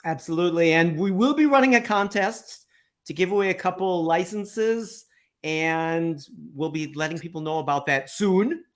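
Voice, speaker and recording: A man hosting a live interview, giving advice through anecdotes in a slow, deliberate way. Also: sits high. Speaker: podcast host and coach.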